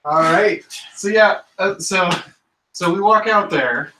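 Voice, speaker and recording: A man's voice: high-pitched, takes it slowly, pushed and bright, a little hiss or hum. A man playing a tabletop role-playing game, playfully describing his character's actions. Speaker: player. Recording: far from mic in an echoey room.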